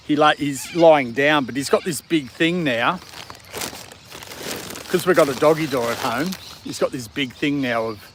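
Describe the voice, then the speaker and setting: Laid-back Australian man, mid-range voice, chatting easily outdoors with faint background noise. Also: mid-range voice. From Australia, country town. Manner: relaxed, rambling, chuckles often, coos at his dog. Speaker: dog livestream host. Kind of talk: casual outdoor livestream chat. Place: outdoors in a city park in the evening.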